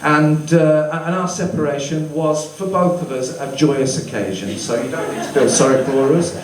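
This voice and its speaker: A man's voice: a little high, normal speed, crowd noise. A man doing a stand-up comedy routine, chatty and self-mocking with sweary asides. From English Midlands. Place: comedy club stage with live audience. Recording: roomy echo, distant mic, faint club noise.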